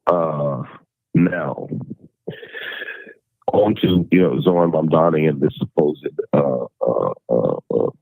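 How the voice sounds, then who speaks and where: Guest: man, very low husky voice, stop-start delivery, thin phone-line sound. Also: expressive, no echo. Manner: halting, many repeated words and restarts. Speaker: interview guest. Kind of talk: casual conversational explanation. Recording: tinny phone-like remote call audio.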